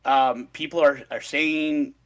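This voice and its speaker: A man's voice: fairly high pitch, fairly even intonation, slow. A man on a podcast, recounting a story in a swearing, ranting casual chat. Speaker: podcast co-host presenting research.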